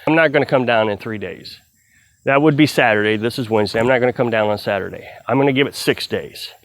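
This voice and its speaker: A man's voice: medium pitch, quick pace, no echo. A man vlogging outdoors while cutting firewood, talking casually to the camera in a rambling way, restarting his sentences as he retells a story. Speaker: vlogger on off-grid living.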